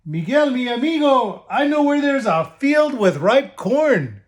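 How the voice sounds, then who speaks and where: A hungry male wolf from a storybook, sly and wheedling, coaxing his prey in a raised, high-pitched voice, as a man reads him aloud. He sounds scheming. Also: big pitch swings, unhurried, heavily acted.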